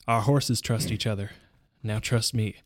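A man's voice: fairly low pitch, fairly even intonation, unhurried, no echo, clean studio sound. A man voicing a passionate, brooding horseman from a romance story, in an earnest, hammy way. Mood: seductive.

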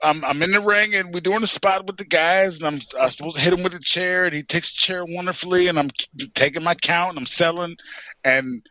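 A man, a pro wrestler, telling an animated story in an interview and often saying "you know what I'm saying". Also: high-pitched, a little fast, no echo, dull audio.

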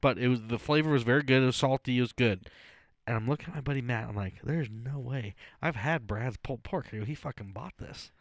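A young man with an everyday mid-pitched voice, chatting casually on a podcast. He tells stories in an easygoing, wry way. The sound is dry and close to the mic. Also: fast, no room sound. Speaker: podcast co-host. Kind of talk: casual chat.

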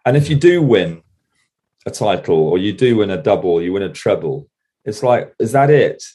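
Low mellow man searching for words. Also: animated, normal speed. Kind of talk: casual chat.

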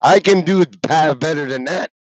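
A man in casual chat, excitable and teasing, often laughing. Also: a little high, normal speed. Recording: dull lo-fi sound.

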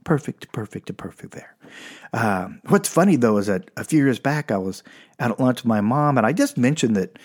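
A man from Texas tells stand-up stories in an animated way. He keeps a middle pitch and chuckles through his lines. He leaps into high, mocking voices for the punchlines. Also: brisk. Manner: animated, jumps into high mocking voices, laughs mid-line. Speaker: stand-up comedian. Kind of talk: stand-up storytelling.

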